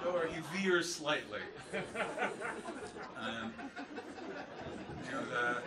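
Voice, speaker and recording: A man from Canada doing a stand-up routine on a club stage, swinging from muttered asides to shouted punchlines. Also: medium pitch, animated, slow, pauses often. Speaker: stand-up comedian. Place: comedy club stage before a laughing audience. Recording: echoey club from a distance, noisy.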